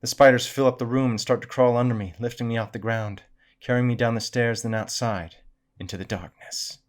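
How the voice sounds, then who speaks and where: A man reading spooky stories aloud in a measured, dramatic way. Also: medium pitch, fairly even intonation. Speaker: storyteller.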